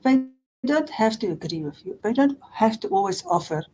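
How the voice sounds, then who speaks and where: A woman's voice: a little high, very animated, normal speed, dark tone, slight background noise, rough recording. A middle-aged woman counselor explaining relationship patterns in an earnest, repetitive way, often restarting phrases and voicing example quotes. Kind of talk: talking-head advice video.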